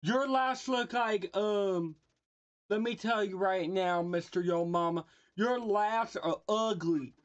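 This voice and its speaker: Slow, teasing livestreamer woman. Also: medium pitch, highs cut off. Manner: teasing, mock-insulting, laughing at own jokes; talks to chat and a friend off-mic. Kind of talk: casual livestream roasting.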